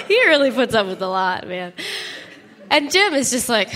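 A middle-aged woman, a pastor's wife, telling her testimony to a congregation in an animated way, laughing and dropping into whispered asides. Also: fairly high pitch, moderate pace, long reverb tail. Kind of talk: church testimony.

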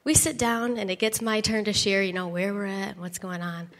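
A middle-aged woman gives her church testimony with a bright, ringing tone. She tells it in an animated way, laughs often and drops to a whisper for asides. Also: medium pitch, fairly quick, in a large hall. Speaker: pastor's wife giving testimony.

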